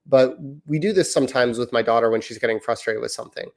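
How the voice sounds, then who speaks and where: Male podcast co-host, 30s, mid-pitched, casual and reflective with long qualifying sentences. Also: fast, darkish tone. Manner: thoughtful, hedging, speaks in long winding sentences. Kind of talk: casual parenting chat.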